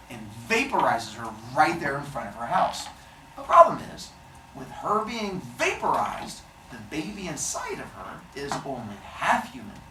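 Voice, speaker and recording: A male teacher retelling a myth to his class in a playful, wry, animated way. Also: a little high, unhurried, background noise. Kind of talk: classroom storytelling. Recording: echoey classroom, mic far off.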